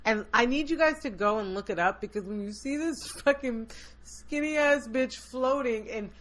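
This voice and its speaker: A woman co-hosting a podcast, telling stories in casual, profane, animated chat. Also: fairly high pitch, normal speed. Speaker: podcast co-host.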